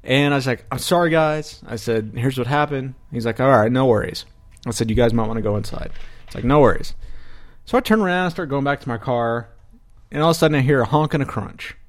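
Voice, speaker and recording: A man's voice: mid-range voice, quick pace. A man hosting a podcast, telling a long story in casual chat, swearing and acting out the other people in it. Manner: profane, animated retelling with quoted voices. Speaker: podcast host.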